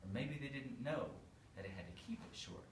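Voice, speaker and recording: A man, a priest, telling a story to children in a playful, animated way. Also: medium pitch, a little fast. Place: church hall. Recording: echoey room, far from mic, faint noise.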